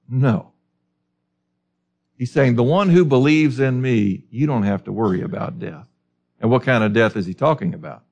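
A man's voice: mid-range voice, lively intonation, moderate pace, pauses often, a little mellow. A man preaching a sermon, teaching through a Bible passage with emphatic rhetorical questions.

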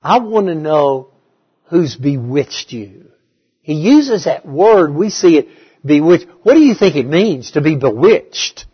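A man's voice: fairly high pitch, big pitch swings, slow pace, breathy edge, muffled recording. A man preaching a conversational bible study, asking his listeners questions and repeating key words.

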